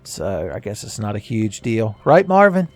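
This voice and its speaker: A man giving casual, joking commentary while playing a game, his voice a little raspy today and often breaking into laughs at his own asides. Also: fairly low pitch, moderate pace, mellow, faint music behind. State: slightly raspy voice. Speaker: gaming commentator. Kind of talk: casual let's-play commentary.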